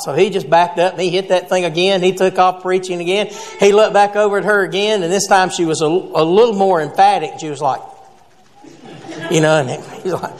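High-voiced folksy preacher man, reverberant. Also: fairly quick. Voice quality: folksy storytelling with jokes. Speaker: pastor. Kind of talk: sermon. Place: church sanctuary.

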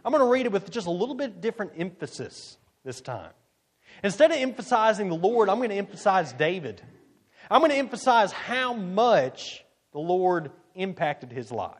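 A man preaching a sermon, reading scripture slowly and deliberately with strong emphasis. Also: high-pitched, big pitch swings. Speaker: pastor.

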